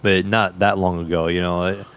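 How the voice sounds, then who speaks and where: A man's voice: low voice, level tone, moderate pace, a bit bright, clean tone. A man co-hosting a casual podcast, talking in an easygoing, reminiscing way. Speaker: podcast co-host.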